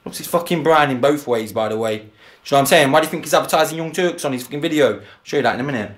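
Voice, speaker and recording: A man's voice: on the high side, rapid-fire. A man ranting profanely in a vlog, often asking "do you know what I mean". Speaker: vlogger. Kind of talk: angry rant over video clips.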